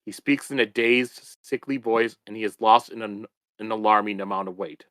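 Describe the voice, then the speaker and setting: A man co-hosting a book podcast, reading a chapter summary in a steady recap delivery. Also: fairly low pitch, moderate pace, no room sound.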